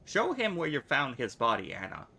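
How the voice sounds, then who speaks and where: A man voicing a sly, crippled older fixer in a video game, mock-courteous and quietly dangerous. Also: mid-range voice, huge pitch swings, normal speed, vocal fry, slightly rough, voice pushed up, exaggerated voice.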